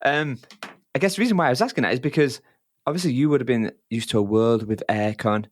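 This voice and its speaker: A man hosting a podcast, talking in a relaxed, casual way and often repeating his phrases. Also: mid-range voice, fast, dry recording, studio quality. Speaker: podcast host.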